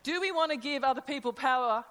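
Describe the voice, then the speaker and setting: A middle-aged woman delivers a sermon in a fairly high voice, talking conversationally and putting rhetorical questions to her listeners. Her words ring out with a long reverb, as if she were in a big hall. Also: fast, fairly bright tone. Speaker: preacher.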